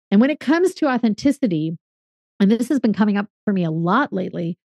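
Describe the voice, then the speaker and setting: Measured, reflective woman guest in her fifties. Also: lowish voice, no echo, lo-fi sound. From California. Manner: reflective, with fillers and a measured, explanatory pace. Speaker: podcaster and strategic consultant, guest. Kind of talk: conversational interview answers.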